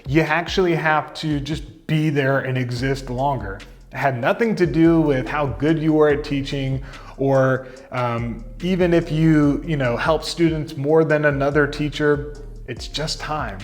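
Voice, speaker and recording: A man's voice: a little high, unhurried. Chatty man telling his story. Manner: relaxed, chatty, frequent fillers and asides. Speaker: content marketing coach. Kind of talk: casual storytelling to camera.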